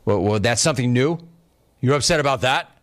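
With a mid-range voice, lively intonation, and a brisk pace, this man hosts a sports talk show. He's casual and sarcastic, frequently bursting into laughter while going through the chat.

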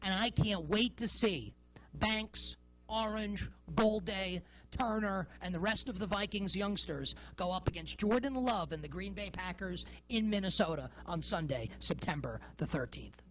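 A woman's voice: mid-range voice, a little slow, poor audio. A woman in her thirties hosting a sports talk show, giving a rambling, incredulous monologue with heavy stress on key words.

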